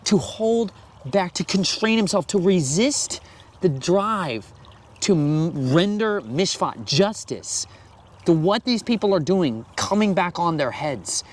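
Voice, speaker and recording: A man reading scripture aloud and then commenting on it in a conversational, animated sermon style. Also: high-pitched. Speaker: Bible teacher.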